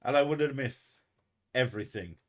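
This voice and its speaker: A man's voice: mid-range voice, normal speed. A man with an English accent, a mix of posh and Essex, joking and swearing in casual stream chat. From England.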